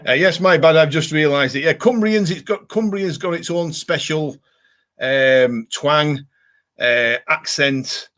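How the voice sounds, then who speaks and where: A man's voice: on the high side, a little slow, a bit bright. Live stream host, male, chatty and rambling, lots of ums and restarts. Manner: rambling, many fillers and restarts. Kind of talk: casual live chat reading viewer comments.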